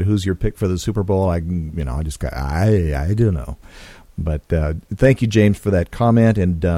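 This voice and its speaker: Chatty deep-voiced male podcast host. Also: dry recording. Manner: relaxed, chatty with frequent fillers and restarts. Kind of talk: casual podcast talk.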